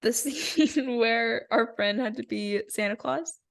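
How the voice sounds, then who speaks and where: A young woman co-hosting a podcast, chatting casually and telling animated stories with frequent giggles. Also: on the high side, slow, vocal fry. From rural area. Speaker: podcast co-host. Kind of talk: casual chat.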